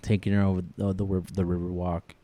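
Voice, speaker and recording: Low-voiced rambling man in casual chat. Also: level tone, quick pace, dark tone. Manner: loose, rambling, swearing, laughing often. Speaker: podcast co-host.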